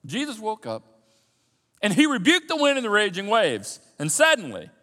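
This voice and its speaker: Guy preaching a sermon, acts out the story, bright voice, big echoey hall. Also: sits high, normal speed. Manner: animated storytelling, acting out the scenes. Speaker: pastor.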